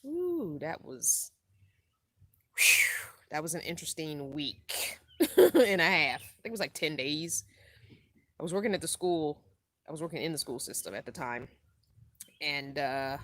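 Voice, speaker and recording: A woman's voice: low-pitched, no room sound. A middle-aged woman hosting a casual live stream, tired from lack of sleep, rambling laid-back and reading viewer comments aloud. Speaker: van-life vlogger hosting a live stream.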